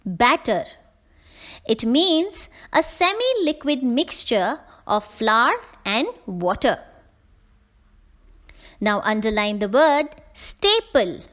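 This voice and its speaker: A woman teacher, slowly explaining a textbook lesson to young children and spelling out words letter by letter. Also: on the high side, very animated, a bit bright, dull audio. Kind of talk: classroom lesson reading from a textbook.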